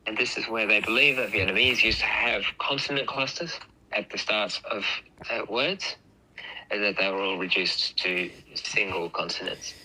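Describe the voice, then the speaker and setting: A man with a very bright, forceful, somewhat low voice talks casually and patiently explains speech sounds, stopping to demonstrate them aloud. The sound has a slight radio-like quality. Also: normal speed, a little hiss or hum, low-quality recording. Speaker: host.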